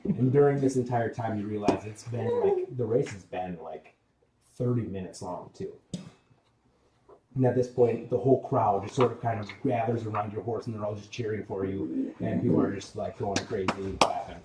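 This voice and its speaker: A man's voice: lowish voice, very animated, moderate pace, noisy background. Male game master narrating, casual and rambling, roomy echo, far from the mic. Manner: casual, rambling with many likes and ums.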